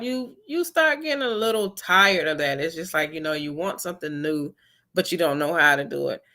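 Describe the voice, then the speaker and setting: A woman's voice: low-pitched, pushed and bright. A woman giving earnest, encouraging wellness advice to her viewers in a casual way, repeating her key points.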